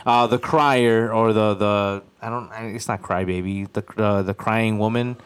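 This young Chicago man co-hosts a podcast, and his voice sits lowish with a fairly even intonation, a slightly slow delivery and a clean tone. In casual chat he tells a story, rambling and repeating himself, and puts on a wailing voice whenever he quotes someone.

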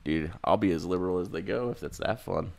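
A man's voice: low-pitched, a little fast, vocal fry. A man in casual chat among friends, laid-back and joking.

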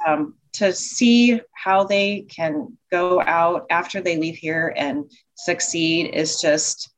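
Heartfelt rambling woman, low voice. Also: slow. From Nebraska. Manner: warm, heartfelt, rambling with many restarts. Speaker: childcare center director and owner. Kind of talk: casual interview chat.

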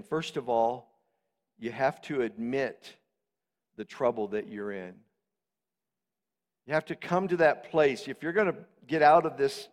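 A man preaching a sermon as pastor, moving from quiet, steady teaching into shouted, passionate swells. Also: a little high. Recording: long hall reverb.

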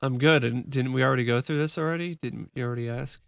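A man co-hosting a podcast in casual chat, relaxed, laughing easily. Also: medium pitch, fast, vocal fry, clean tone, no echo, studio quality. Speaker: podcast co-host.

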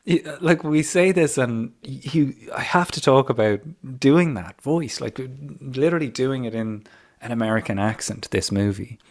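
A man's voice: medium pitch, expressive, moderate pace. An Irish man hosting a podcast, asking leading questions in a chatty way and laughing easily. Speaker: podcast host. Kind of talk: conversational interview and outro.

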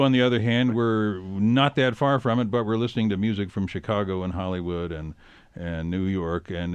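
An older man hosting a radio interview in a studio, talking in a rambling, reflective way with many fillers. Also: deep voice. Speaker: radio DJ host.

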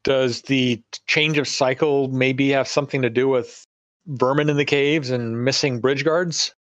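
A man's voice: medium pitch, fairly even intonation, a little slow, fairly bright tone, no room sound. A man playing in a tabletop game, eager and playful in his questions. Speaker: player. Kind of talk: tabletop role-play.

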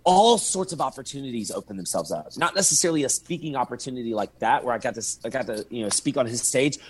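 Animated male podcast guest telling stories. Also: medium pitch. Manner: animated storyteller, acts out his own texts and inner thoughts. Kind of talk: casual podcast storytelling.

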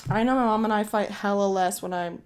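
A woman's voice: medium pitch, brisk. A young woman from Ohio telling a story in a casual monologue, blunt and full of swearing. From Ohio, USA. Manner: profane, blunt, emphatic. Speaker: podcast host.

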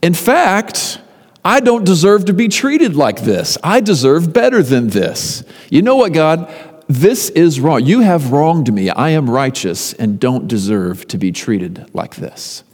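A man's voice: on the high side, big pitch swings, a little slow, darkish tone, big-room sound, pitched above the performer's own voice. A man voicing an indignant suffering man who insists on his innocence, in a sermon.

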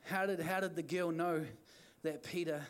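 Male NZ preacher, high-pitched, fervent and repetitive, church sermon. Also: fairly even intonation, moderate pace, clear, resonant tone. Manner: fervent, repetitive exhortation with restarts. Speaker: pastor.

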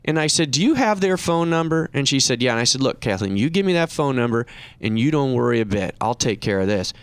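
A middle-aged man hosting a talk show, telling a story in a casual, animated way, his voice rising when he quotes other people. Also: brisk, dry recording. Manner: animated anecdote, raising pitch when quoting others. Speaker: radio show host and reverse mortgage professional.

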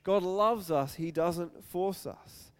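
A man preaching a sermon, telling an animated story and acting out the voices in it. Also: high voice, slow pace, clean tone. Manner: animated, acts out scenes with quoted voices.

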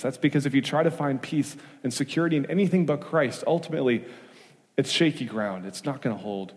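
Emphatic pastor preaching in a reverberant hall. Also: male voice, medium pitch, fairly quick. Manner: emphatic preaching with rhetorical questions, swinging from loud to hushed. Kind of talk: sermon. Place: church sanctuary.

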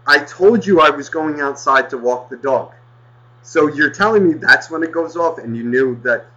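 Man, casual podcast rant, constant swearing, bright forceful voice, muffled lo-fi sound. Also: on the high side, moderate pace. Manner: animated, swears constantly, rambling. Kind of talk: casual profane storytelling.

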